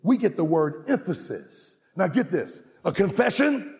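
A man preaching a sermon with fervor, shouting repeated refrains and calling out to his congregation. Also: high-pitched, sing-song, a little slow, big-room sound. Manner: fervent preaching, shouting refrains, call-and-response. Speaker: pastor.

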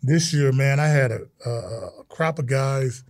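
A middle-aged man, a guest in an interview, telling stories in a lively way and acting out the quotes. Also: medium pitch, normal speed, no room sound, clean studio sound. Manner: animated storyteller, acts out quotes, exclamations. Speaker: interview guest, retired football player. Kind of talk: casual interview storytelling.

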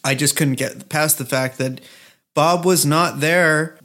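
A man co-hosting a podcast with a voice pitched a little high. He rants in casual chat, sarcastic and crude, swearing freely. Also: steady tone, takes it slowly, sharp tone. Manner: sarcastic, profane ranting. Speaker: podcast co-host.

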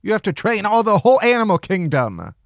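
A man's voice: high-pitched, fairly quick, no room sound. A man hosting a comedy podcast in a studio, ranting sarcastically and swearing a lot. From Chicago area. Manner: sarcastic, profane, animated ranting. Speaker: podcast host.

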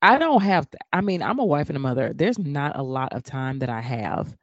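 A woman hosts a casual talk and gives advice with emphasis and relaxed slang. Her voice sounds dry and a little muffled, recorded close up with no room echo. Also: deep voice, a little fast. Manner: advising, emphatic, folksy slang. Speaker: podcast host. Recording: slightly dull dry sound.

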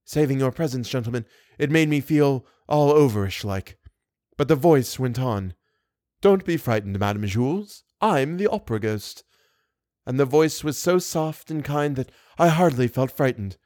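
A man voicing a haughty, excitable older woman who keeps a theatre box. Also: medium pitch, normal speed, dry recording, clean studio sound, close to an everyday voice. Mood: confiding. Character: indignant gossipy older woman box-keeper.

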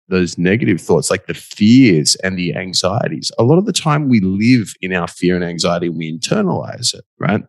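A man's voice: fairly low pitch, no echo. A man hosting an interview, asking questions in a chatty, colloquial way and stacking up examples. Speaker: podcast host.

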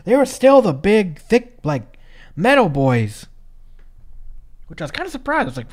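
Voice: medium pitch, very animated, moderate pace, long pauses, darkish tone. A podcast co-host in their thirties, from Minnesota, recapping a wrestling match in casual chat, swearing freely and talking with lots of likes and restarts.

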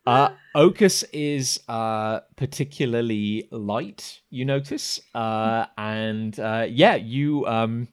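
A man acts as game master for a tabletop game, narrating haltingly with lots of fillers. His voice is medium-pitched with a clean tone.

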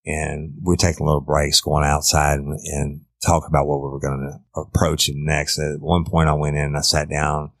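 A middle-aged former detective, telling a case story in a blunt, profane, casual way. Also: male voice, extremely low pitch, level tone, moderate pace, creaky, few pauses, no echo. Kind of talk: casual true-crime storytelling.

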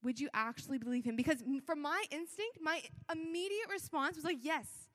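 A woman's voice: high-pitched, a little fast, fairly bright tone. A young woman giving a sermon in a church, talking in a conversational, earnest way with many fillers and restarts. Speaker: church speaker. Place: church hall. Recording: long echo of a large hall.

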